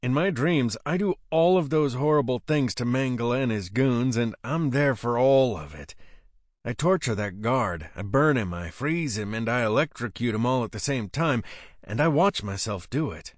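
A man's voice: mid-range voice, animated, moderate pace, no echo. Guy reading a gritty first-person novel, dry close mic. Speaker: audiobook narrator. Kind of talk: first-person fiction narration.

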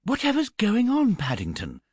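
A man's voice: medium pitch, wildly swooping pitch, moderate pace, husky, dry recording, clean studio sound. A man voicing an anxious, motherly middle-aged woman who fusses and exclaims. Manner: exclaiming, fussing.

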